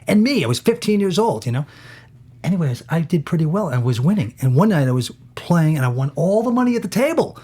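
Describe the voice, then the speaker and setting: Middle-aged guy with a husky voice, chatty storyteller doing little voices for the people in his stories, interview guest. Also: on the high side, fairly quick. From United States. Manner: animated anecdote teller, acts out other people's lines. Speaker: actor and poker player, interview guest.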